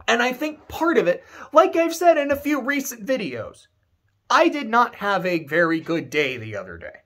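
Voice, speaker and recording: A man's voice: high voice, sing-song, normal speed, fairly bright tone. A man giving casual game commentary to camera, emphatic and ranting, swearing freely. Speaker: video creator.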